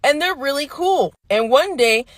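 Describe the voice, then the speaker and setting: A woman's voice: high voice, animated, moderate pace, no room sound. A woman from the United States, telling a story to camera in a chatty way and acting out the quotes.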